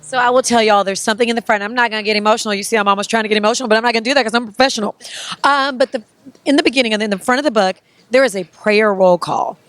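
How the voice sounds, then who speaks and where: A woman's voice: fairly high pitch, racing, a bit bright, no room sound. A woman interviewing an author in an effusive, gushing way. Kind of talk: casual enthusiastic interview.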